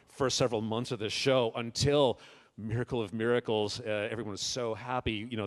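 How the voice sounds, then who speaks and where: A man hosting a convention panel as director, talking casually with frequent fillers and restarts. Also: lowish voice. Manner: halting, full of filler words and restarts.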